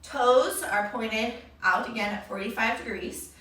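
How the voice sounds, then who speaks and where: A woman's voice: a little high, unhurried, a bit bright. A woman leading a children's yoga class, upbeat and encouraging, calling the kids her friends. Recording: very echoey room, voice from far off.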